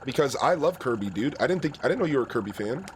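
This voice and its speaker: A man's voice: mid-range voice, expressive, fast, a little hiss or hum. A young man streaming a video game, chatting in a rambling, casual way and greeting viewers. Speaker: gaming streamer. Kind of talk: let's play commentary.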